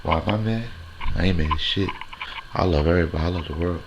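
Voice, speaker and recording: A deep-voiced man with a gravelly, creaky edge rants brashly and profanely, hosting his own comedy bit straight to the camera. His talk rambles along on repeated catchphrases, over a noisy hiss in the recording. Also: fast talker, highs cut off. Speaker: host of a comedy segment. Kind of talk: crude stand-up style rant to camera.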